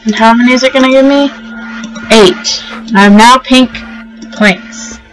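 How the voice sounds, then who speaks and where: A young woman hosting a casual let's-play, gushing and excitable as she talks to the animals in the game. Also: a little high, measured pace, rough recording. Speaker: gaming channel host. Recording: faint game music behind.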